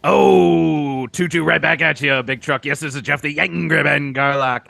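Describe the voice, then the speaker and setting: A man's voice: a little high, normal speed, vocal fry, sharp tone, dry recording, heavily acted. An adult man playing a self-important radio sidekick who rants grandly in an improvised comedy parody. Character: pompous grown man, rant-prone radio sidekick.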